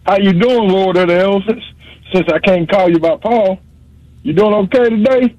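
In call-in radio banter, a male caller with a high-pitched, slightly mellow voice speaks at normal speed, teasing and rambling in slang. The recording has a dull, dry phone-line quality.

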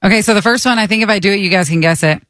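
A woman's voice: medium pitch, rapid-fire, fairly bright tone, no room sound, studio quality. A woman co-hosting a casual chat, playfully trying out impressions of voices and laughing along. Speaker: podcast co-host.

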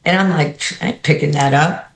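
A woman with a New York accent, coaching basketball, tells stories in an interview. She acts out the people she quotes with an animated, lively delivery. Her voice carries a roomy studio echo. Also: low-pitched, a little fast, creaky. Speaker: basketball head coach, guest. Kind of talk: storytelling interview answers.

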